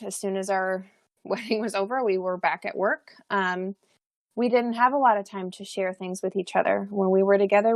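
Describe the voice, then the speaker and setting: A woman's voice: mid-range voice, no echo. A young adult woman, a podcast guest, telling a personal story in a chatty way, full of fillers and restarts and frequent laughs.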